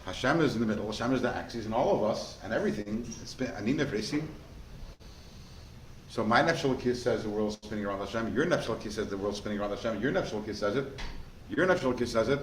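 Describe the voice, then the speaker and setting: A man, a rabbi teaching a class, in a lively way, often asking the listeners questions. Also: lowish voice, quick pace. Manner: animated, asks the class rhetorical questions. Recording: echoey room with faint noise.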